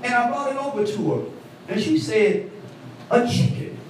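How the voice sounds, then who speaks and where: Man, preacher, high lively voice, animated sermon, echoey church, distant mic, faint background hum. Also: moderate pace. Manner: animated call-and-response preaching, voice swooping high for quoted women. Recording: echoey hall, mic from afar.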